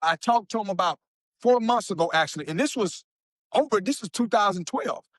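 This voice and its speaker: Guy telling stories, higher voice, gets loud and excited, dry close sound. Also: a little fast, dry recording. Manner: animated, emphatic storyteller. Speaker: guest speaker. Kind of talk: storytelling in a podcast interview.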